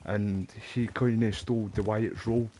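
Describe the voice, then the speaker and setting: A man's voice: lowish voice, steady tone, moderate pace, dark tone. A man rambling casually as he comments on his gameplay. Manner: rambling, chatty tangents. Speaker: gaming streamer.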